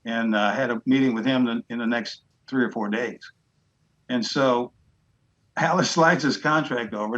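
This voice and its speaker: Man, podcast guest, mid-pitched voice, blunt storyteller, casual. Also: pushed and bright, low-quality recording.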